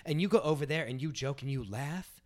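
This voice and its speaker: A furious female TV host , as a man puts her on, delivering a stern, impassioned lecture. The voice climbs higher and louder as she scolds. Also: brisk, natural voice.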